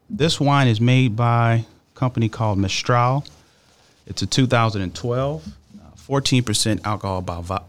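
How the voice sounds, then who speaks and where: A man co-hosting a wine podcast, casually presenting wine facts with lots of "um"s. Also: medium pitch. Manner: relaxed, explains facts with fillers. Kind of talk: casual chat.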